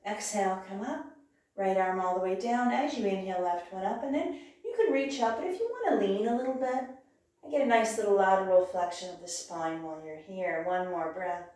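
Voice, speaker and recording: A woman leading a yoga class with calm, encouraging cues, sometimes losing her voice. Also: mid-range voice, brisk. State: clearing her throat, losing her voice. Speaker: yoga instructor. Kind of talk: guided yoga class instruction. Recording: very echoey room, voice from far off.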